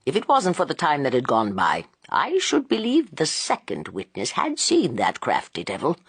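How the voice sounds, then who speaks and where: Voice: medium pitch, huge pitch swings, normal speed, fairly bright tone, husky, no echo, heavily acted. An audiobook reader voicing a kindly, plain-spoken police inspector who talks in a colloquial way. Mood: confiding. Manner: colloquial, good-natured.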